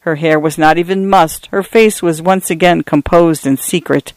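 Man narrator, higher voice, dry close sound, measured audiobook reading. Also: fairly even intonation, no echo.

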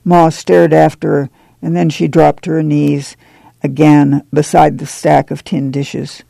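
A man narrating an audiobook in an even storytelling read. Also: fairly high pitch, measured pace, vocal fry, dry recording, rough recording.

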